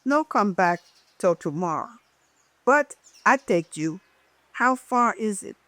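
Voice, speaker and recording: A woman's voice: medium pitch, expressive, slow, fairly bright tone, dry recording. A woman voicing a pushy male roadside taxi driver who speaks broken English in a heavy French accent. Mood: haggling. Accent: heavy French accent, put on.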